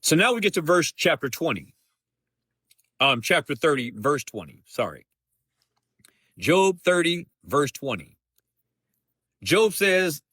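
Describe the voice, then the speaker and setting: A man hosting a live Bible study, reading scripture aloud and explaining it in a slow, deliberate way, often restating himself. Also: on the high side, very animated, sharp tone, slightly rough, no room sound, clean studio sound. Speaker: host of a Bible study show.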